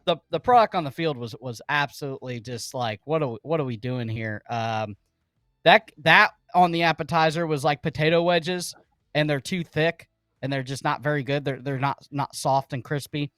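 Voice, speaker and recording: A slightly high-pitched man talking sports with his co-hosts. His delivery is loose and rambling, full of restarts. The sound is dry and close. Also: normal speed, a bit bright, dry recording. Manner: rambling, food comparisons, restarts. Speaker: co-host. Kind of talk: casual sports talk.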